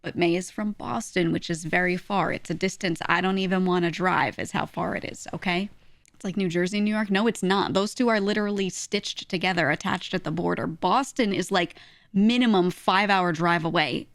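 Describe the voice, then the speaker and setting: A woman's voice: fairly low pitch, normal speed, vocal fry, no room sound, studio quality. A woman streaming casually, rambling sarcastically with laughing asides as she reacts to her chat.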